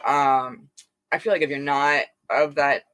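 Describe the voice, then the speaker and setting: Woman from Philadelphia, bright voice, dry sound, animated storytelling, lots of fillers. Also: low voice, a little slow, no echo. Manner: animated, acts out quoted voices; frequent fillers and restarts. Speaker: guest. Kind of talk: casual storytelling.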